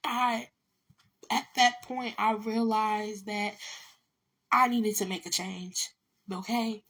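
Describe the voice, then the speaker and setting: A woman's voice: medium pitch, fairly even intonation, slow, fairly bright tone. Blunt, emotional woman telling her story. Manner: blunt, emotional, swears freely, repeats words. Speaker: vlogger telling a personal story. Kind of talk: casual storytelling to camera.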